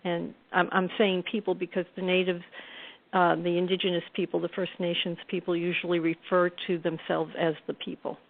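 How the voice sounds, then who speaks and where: A woman's voice: fairly low pitch, little pitch movement, brisk, creaky. A middle-aged woman, a guest author, telling reflective stories in a conversational interview. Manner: reflective, warm-toned storytelling with soft laughs. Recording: tinny phone-line audio.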